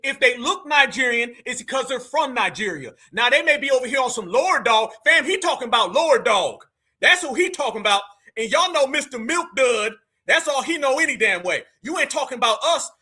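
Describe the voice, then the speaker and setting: Loud, very high, bright-voiced male host. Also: expressive, a little fast, breathy edge. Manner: loud, mocking, often shouting. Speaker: livestream host reacting to a clip. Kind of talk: heated commentary.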